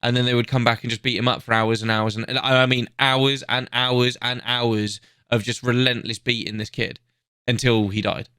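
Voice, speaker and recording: A man's voice: medium pitch, moderate pace, smooth, no room sound, studio quality. A young man chatting casually on a podcast, telling stories with lots of swearing. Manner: sweary, animated storytelling. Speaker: podcast co-host. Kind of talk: casual chat.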